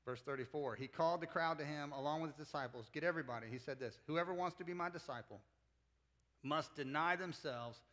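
A man's voice: fairly high pitch, fairly quick, a bit bright. A man preaching a sermon in a conversational way, retelling a Bible passage and acting out the disciples in casual speech. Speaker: pastor.

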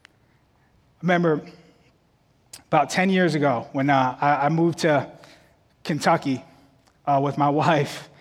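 High-voiced man preaching in an echoing hall. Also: fairly even intonation, takes it slowly, pauses often. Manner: storytelling, builds to loud shouting peaks. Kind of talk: sermon with personal story.

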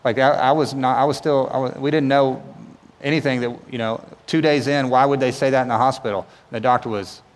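A man's voice: medium pitch, steady tone, a little fast, long reverb tail. A man pastor giving a sermon in a casual, conversational way, often asking rhetorical questions and checking in with "right?".

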